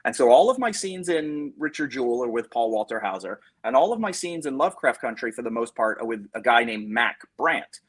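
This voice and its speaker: A chatty male actor with a mainly American accent that still carries traces of his English upbringing. He talks in a middle-pitched voice, telling stories with restarts and asides in a relaxed podcast interview. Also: a little fast, hardly any pauses, slightly rough. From England. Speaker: actor guest.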